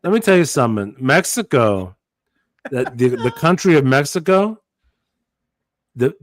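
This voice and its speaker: A man's voice: mid-range voice, big pitch swings, a little slow, no echo. A man speaks bluntly and profanely, his voice carrying a lyrical bounce. He rambles through casual podcast talk on a dry, close mic. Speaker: podcast co-host.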